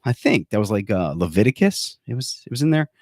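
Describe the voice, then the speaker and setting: A man's voice: on the low side, very animated, a little fast, darkish tone, no echo, studio quality. A man hosting a podcast in casual chat, rambling and joking, with lots of fillers and restarts. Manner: rambling, joking, self-correcting with many fillers. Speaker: podcast host.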